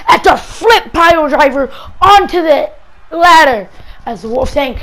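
A high-pitched woman calls a wrestling match in a game move by move. She is excitable and breaks into shouts whenever a big move lands. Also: takes it slowly, poor audio. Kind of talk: play-by-play commentary.

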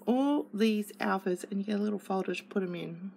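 A woman's voice: mid-range voice, normal speed, creaky, hardly any pauses, a little mellow, slight background noise, poor audio. A woman casually unboxing craft kits, chatty and gushing as she flips through papers and stickers. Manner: gushing and chatty, with many fillers. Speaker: craft kit reviewer.

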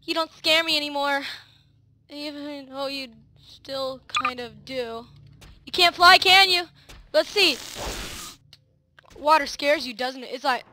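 A woman giving let's play commentary, excitable, shrieking and yelling at the screen. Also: high voice, takes it slowly, pauses often. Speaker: gaming video host. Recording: loud noisy hiss under the voice.

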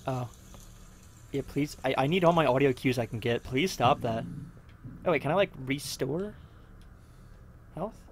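A man's voice: medium pitch, a little slow, long pauses, a little hiss or hum. A young man nervously talking through a horror game as he plays, rambling and muttering to himself. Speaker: let's play host. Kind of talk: casual gameplay commentary.

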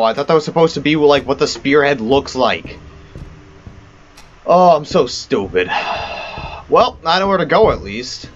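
A man's voice: on the high side, dull audio. A man giving rambling, self-mocking let's play commentary on a horror game. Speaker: gamer.

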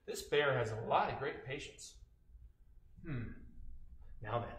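Male children's storyteller, playful, bright, lively pitch. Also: moderate pace, long pauses, slight background noise. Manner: animated, sound effects and sung noises. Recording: roomy echo.

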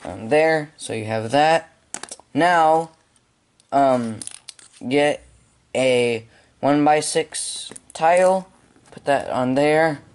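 Guy slowly walking thru a brick build, lots of ums, unhurried. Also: on the high side, smooth. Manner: unhurried, halting instructions with frequent ums. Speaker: hobby video maker. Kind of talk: step-by-step building tutorial.

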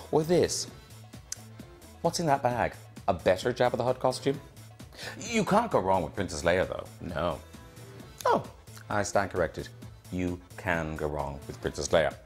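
Irish male chat show host, wry and teasing, lively pitch, faint music behind. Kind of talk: scripted monologue and interview. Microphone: video call from home.

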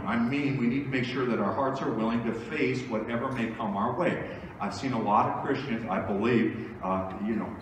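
A man's voice: medium pitch, slight background noise. A male pastor preaching a sermon in a conversational style, asking his congregation rhetorical questions. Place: church sanctuary. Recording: echoey church hall from far off.

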